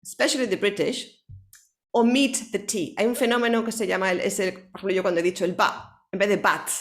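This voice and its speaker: A woman's voice: medium pitch, rapid-fire. Woman teaching English, switching to Spanish. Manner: mixes Spanish asides into English explanations; frequent checking "okay?". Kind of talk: online one-to-one English lesson.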